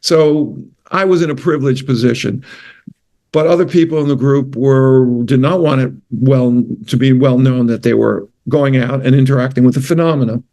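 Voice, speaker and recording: A man's voice: medium pitch, steady tone, moderate pace, dark tone. An older man with a New York accent, a doctor telling stories in a rambling, anecdotal interview style with frequent self-corrections. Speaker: guest, retired physician. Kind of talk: casual interview storytelling.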